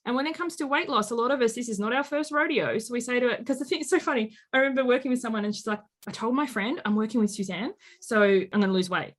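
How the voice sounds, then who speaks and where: A woman in her late thirties, a life coach telling stories in an interview and acting out quoted speech with lively energy. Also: on the high side, fast talker, hardly any pauses. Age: late 30s. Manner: animated storyteller, acts out quotes. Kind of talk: conversational interview.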